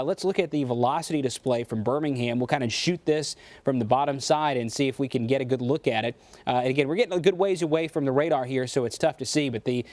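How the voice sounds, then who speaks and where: A man's voice: fairly high pitch, darkish tone, dry recording. A man working as a TV meteorologist, urgently and methodically walking viewers through a tornado's path during live coverage. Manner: urgent, methodical, many fillers. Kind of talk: live severe weather coverage.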